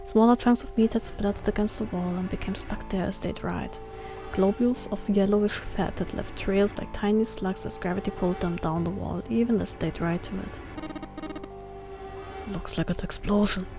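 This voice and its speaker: A woman reading a visual novel aloud, steady with occasional slips and restarts. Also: medium pitch, fairly quick, music in the background. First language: German. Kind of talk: reading game text aloud.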